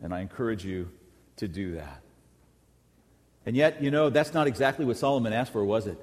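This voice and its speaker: A middle-aged man preaching a sermon as a pastor, emphatic, rising to loud peaks and dropping to quiet asides. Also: on the low side, animated, a little fast. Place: large church sanctuary. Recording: long hall reverb in a large church.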